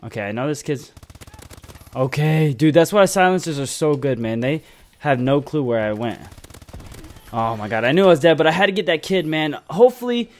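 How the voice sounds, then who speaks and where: Excitable young man commentating gameplay. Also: a little high, moderate pace. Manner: excitable, swears freely, repeats "man". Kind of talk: casual gaming commentary.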